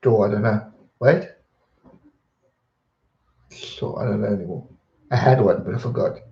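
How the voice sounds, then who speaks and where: Man, young adult, mellow dark tone, roomy muffled stream audio, rambling casual chat. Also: on the low side, measured pace, gravelly. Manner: relaxed, rambling, repeats words when distracted. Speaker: streamer answering viewer questions.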